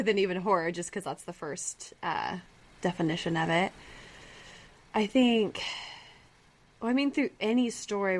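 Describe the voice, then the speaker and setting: Hesitant, thoughtful woman co-host. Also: medium pitch. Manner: hesitant, many ums, explains ideas. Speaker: podcast co-host. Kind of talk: casual chat.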